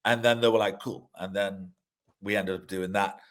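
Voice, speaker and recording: Here a middle-aged director-actor guest talks informally in an interview, dropping swear words, rebooting sentences, and laughing as he tells stories. His deep voice is a bit bright, with fairly even intonation at a moderate pace.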